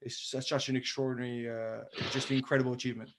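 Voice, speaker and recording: A man, a former rugby player, chatting as a guest on a podcast and telling lively anecdotes that he laughs through. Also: medium pitch, quick pace, background noise. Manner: animated storyteller who laughs through his anecdotes. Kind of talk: casual podcast chat, storytelling.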